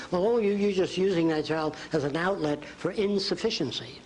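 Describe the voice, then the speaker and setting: A man's voice: high-pitched, fairly quick, darkish tone, a little hiss or hum, rough recording. An older man giving a folksy college lecture at a blackboard, acting out quotes. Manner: folksy, drawing on a blackboard while talking, acts out quotes. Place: lecture hall.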